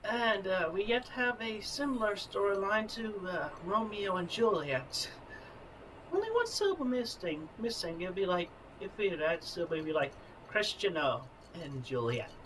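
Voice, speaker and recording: A man's voice: high voice, lively intonation, a bit bright. Theatrical man declaiming on an old home video. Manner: theatrical and halting, stumbling over archaic phrasing. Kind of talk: grandiose love declaration in mock-Shakespearean speech. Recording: distant mic with clear noise in an old home video.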